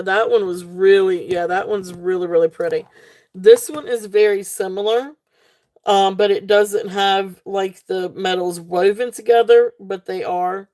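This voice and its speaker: A woman's voice: medium pitch, darkish tone. A woman hosting a casual live jewelry sale, chatty and laughing often, with many fillers and restarts. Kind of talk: casual live-stream sales chat.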